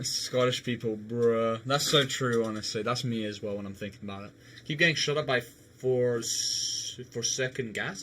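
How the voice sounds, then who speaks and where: A man's voice: medium pitch, pushed and bright, a little hiss or hum. A young man chatting casually with viewers on a live game stream, laughing often and swearing now and then.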